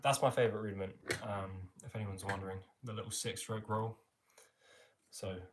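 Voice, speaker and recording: A man's voice: on the low side, steady tone, moderate pace, very noisy. Young English guy chatting on a livestream. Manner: chatty, reads viewer comments aloud, friendly filler "mate". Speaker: livestream host answering chat. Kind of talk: casual live-stream chat.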